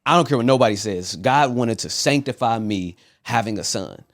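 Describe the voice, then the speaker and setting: A man in his thirties, a pastor telling stories in a relaxed, casual way and laughing often. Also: medium pitch, moderate pace, dry recording, clean studio sound. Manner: laid-back storyteller who laughs often. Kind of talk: casual conversation.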